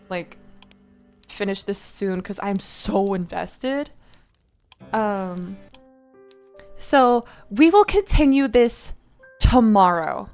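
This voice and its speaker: A tired young woman streamer chatting casually, rambling with lots of fillers and laughs. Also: medium pitch.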